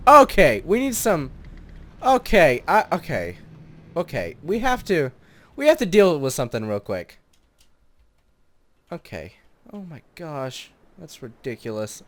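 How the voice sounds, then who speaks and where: Lively man narrating his gameplay. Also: a little high, measured pace. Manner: muttered thinking aloud, bursting into excited shouts and laughter. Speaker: gaming channel host. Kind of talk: let's play commentary.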